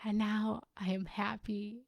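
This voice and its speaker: This young woman is a relationship and self-love coach speaking personally to her followers on a live stream. She's passionate, emotional, and quick to swear, and she lowers her voice to a whisper to stress a point. Her medium-pitched voice is gravelly and flat and moves slowly, and the recording is dry and dull.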